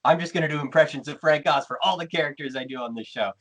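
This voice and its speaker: A man hosting a podcast, chatting casually and signing off the episode with quick patter. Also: a little high, a bit bright. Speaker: podcast host. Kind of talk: casual chat.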